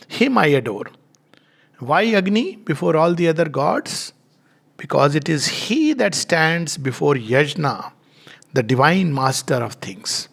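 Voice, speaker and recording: Creaky-voiced man lecturing. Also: high voice. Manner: measured, reflective, pauses with frequent "uh". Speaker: lecturer on spiritual texts. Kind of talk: explanatory spiritual lecture.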